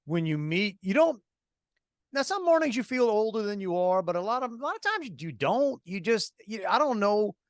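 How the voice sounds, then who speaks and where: A middle-aged man co-hosts a casual podcast, his voice sitting high for a man. He rambles through stories, restarting sentences and laughing along the way. The sound is dry and close. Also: very animated, normal speed, dry recording. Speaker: podcast co-host. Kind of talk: casual chat.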